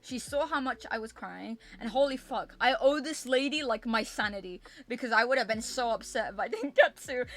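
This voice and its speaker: A young woman streamer casually telling a story to her chat at a home setup, animated and repetitive, swearing freely. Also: a little high, a little fast, hardly any pauses.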